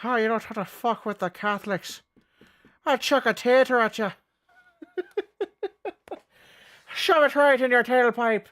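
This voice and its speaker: A man putting on a boisterous comic Irish priest who talks in a thick mock brogue. The voice sits high and loud, well above his own. It is jeering and rough-edged, like a pub brawler in clerical robes. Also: slow pace, long pauses, exaggerated voice.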